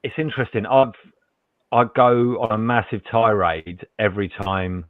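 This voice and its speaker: A chatty, playful man with a fairly low voice, joining a football panel over a tinny, phone-like line that sounds dry and close. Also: moderate pace, dry recording. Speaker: panel guest. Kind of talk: casual football discussion.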